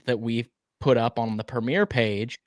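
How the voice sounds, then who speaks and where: A man's voice: medium pitch, fairly even intonation, normal speed, no echo, clean studio sound. A man co-hosting a casual live stream, chatty and greeting viewers by name, sometimes tripping over his words. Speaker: livestream co-host.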